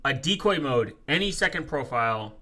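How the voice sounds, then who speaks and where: A man live-streaming in a casual, profane rant, reading viewer comments aloud and quickly flaring up as he rebuts them. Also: medium pitch, expressive, pushed and bright. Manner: profane, quick to flare up angrily. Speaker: live streamer answering chat.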